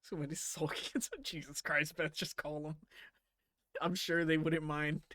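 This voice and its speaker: A man live-streaming a game, talking in a loose, profane way with a slightly high voice. He laughs often and drops into quiet mutters while he plays. The sound is dry and close. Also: level tone, a little slow, dry recording. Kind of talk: casual live-stream chat while playing.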